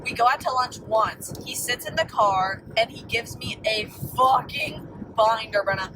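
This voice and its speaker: A young woman calling in by voice memo, telling a story in an exasperated, animated way with plenty of swearing. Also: a little high, measured pace. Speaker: caller. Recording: distant voice memo with background noise.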